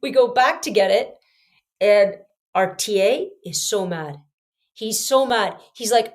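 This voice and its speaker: A woman hosting a podcast, telling a personal story in an emphatic, lively way, swinging between punchy loud lines and hushed asides. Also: mid-range voice, measured pace. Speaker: podcast host.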